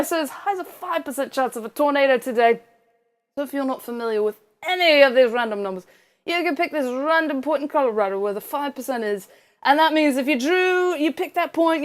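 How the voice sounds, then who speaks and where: Chatty higher-voiced woman hosting weather. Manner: chatty, rambling, self-correcting. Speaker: weather screencast host. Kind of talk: casual narrated screencast.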